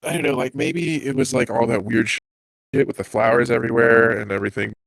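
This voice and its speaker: A man's voice: mid-range voice, a little fast, creaky, fairly bright tone, dry recording, low-quality recording. A man co-hosting a podcast, talking in a hesitant, casual way that often trails off. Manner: hesitant, trailing off, lots of fillers. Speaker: podcast co-host reviewing a movie. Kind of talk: casual chat.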